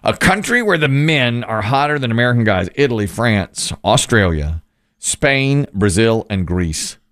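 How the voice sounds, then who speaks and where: A man's voice: medium pitch, lively intonation, unhurried, a bit bright. A man hosting a survey game show, upbeat and joking as he reads answers and questions.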